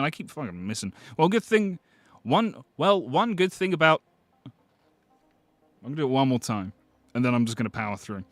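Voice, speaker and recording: A British man hosting a live stream, chatting casually with viewers, excitable and swearing freely. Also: mid-range voice, no echo. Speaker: livestream host.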